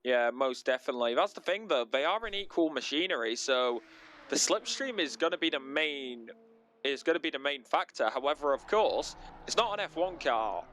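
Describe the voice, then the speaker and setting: With a Northern English accent, a man delivers casual sim racing co-commentary full of chatty, joking, lively banter. His voice is fairly high and moves at normal speed.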